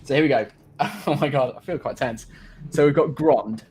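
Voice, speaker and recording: A man's voice: medium pitch, moderate pace, a little mellow, soft background music. A man co-hosting a casual livestream, chatty and laughing often, with stammered restarts.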